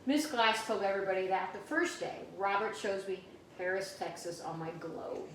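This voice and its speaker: A woman teacher reading a picture book aloud to her students, pausing to explain new words to the children. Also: mid-range voice, a little hiss or hum. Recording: echoey room, mic at a distance.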